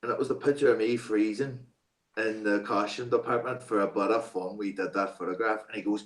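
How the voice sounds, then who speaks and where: A man's voice: fairly low pitch, a little fast. A man as an interview guest, casually telling a story, swearing freely and filling his talk with "like" and "you know what I mean". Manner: swears freely, animated anecdote-telling with many fillers. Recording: roomy echo.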